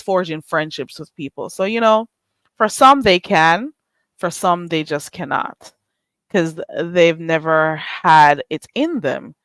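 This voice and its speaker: A woman's voice: on the low side, clean tone, dry recording. A middle-aged woman, hosting a casual live stream, teasing and sarcastic as she greets her chat and laughs often.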